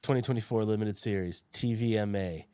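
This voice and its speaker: A man's voice: on the low side, fairly quick, warm tone, clean tone, no echo. Joking man bantering on a podcast. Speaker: podcast co-host. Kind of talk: casual chat.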